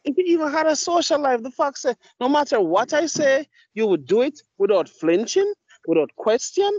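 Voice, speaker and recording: A man's voice: very high-pitched, very animated, normal speed, darkish tone, dry recording. A man tells blunt, profane stories as he hosts a casual podcast. His speech sounds dry and close, with no room around it. The mic is dull and lo-fi. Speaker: podcast host.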